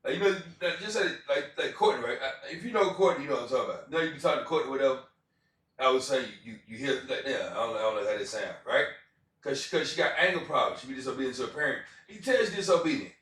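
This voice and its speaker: A man's voice: medium pitch, expressive, very fast, fairly bright tone. A man preaching informally about scripture, rambling with lots of repeats and fillers. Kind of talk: casual street sermon. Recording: very echoey, from far off.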